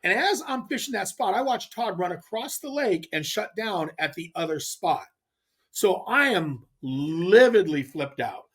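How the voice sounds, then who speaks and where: Male guest storyteller, rambling, animated, acts out dialogue, voice sits high. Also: a little slow, slightly rough. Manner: rambling with restarts. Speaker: podcast guest, pro angler. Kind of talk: casual storytelling.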